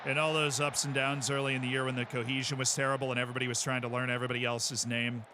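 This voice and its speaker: A man streaming a football management game, chatting and excitedly calling the plays as they happen. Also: medium pitch, rapid-fire, slight background noise. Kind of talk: live game commentary.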